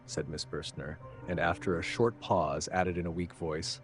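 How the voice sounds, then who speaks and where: Very deep-voiced male audiobook narrator. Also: brisk, hardly any pauses, faint music behind. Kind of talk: scripted narration.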